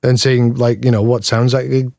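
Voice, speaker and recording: Man, Geordie accent, rambling casual chat, mid pitch, dry close recording. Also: level tone, normal speed, gravelly, darkish tone, dry recording. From Newcastle, England. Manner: rambling, self-deprecating, laughs often. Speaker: guest, pedal builder.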